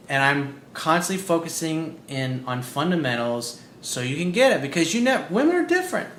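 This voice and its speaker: A man with a somewhat high voice talks bluntly and forcefully as a dating coach, reading a viewer's email and breaking in with profane remarks. The room gives his voice a noticeable echo, and faint background noise runs underneath. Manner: blunt, profane, emphatic commentary.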